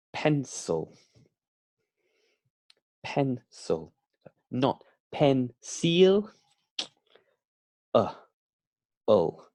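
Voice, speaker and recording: A man teaching beginner English, drilling words slowly with emphatic repetition. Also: on the low side, a little mellow, no room sound.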